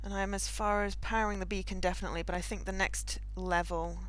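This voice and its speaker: A woman's voice: mid-range voice, flat delivery, fast, poor audio. A woman chatting casually on a gaming stream, musing aloud and thinking through her choices with viewers.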